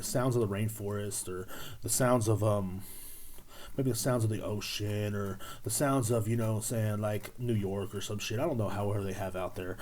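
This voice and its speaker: Rambling crude man, mellow voice. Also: lowish voice. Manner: crude, rambling, heavy fillers and repeats. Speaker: podcast host. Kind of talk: rambling comedic monologue.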